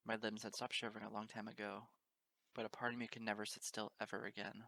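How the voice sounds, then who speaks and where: A man's voice: fairly low pitch, vocal fry, bright, forceful tone. A man narrating a fan fiction audiobook in an earnest, emotional first-person reading. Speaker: audiobook reader.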